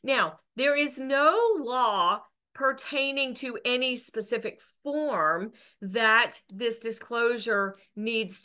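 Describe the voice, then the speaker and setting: A woman's voice: mid-range voice, pushed and bright. A woman real estate broker, explaining rules to agents in an earnest way, with restarts and filler words. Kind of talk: educational explainer to camera.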